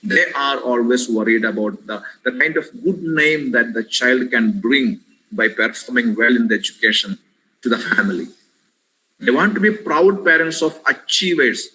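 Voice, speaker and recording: A man's voice: mid-range voice, expressive, moderate pace, bright, forceful tone, poor audio. A man with an Indian English accent giving an earnest, preacherly webinar lecture on parenting, often addressing listeners as "my dear friends" and repeating key words for emphasis. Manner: emphatic repetitions. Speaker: webinar speaker. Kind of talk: impassioned lecture. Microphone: webinar headset or computer mic.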